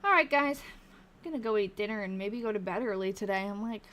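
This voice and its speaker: A woman's voice: mid-range voice, fast, a bit bright, a little hiss or hum. A tired woman hosting a live stream, thinking aloud as she reads old newspaper snippets and chats to her viewers. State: tired, yawning. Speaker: live-stream host researching old diaries. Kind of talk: casual live-stream chat while reading aloud.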